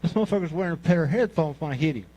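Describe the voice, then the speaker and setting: Profane Mississippi man in his sixties, higher-pitched. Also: expressive, racing, dark tone, highs cut off. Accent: Mississippi Southern US. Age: 60s. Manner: crude, profane, rambling anecdotes. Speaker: amateur comic at a talent show. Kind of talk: stand-up storytelling.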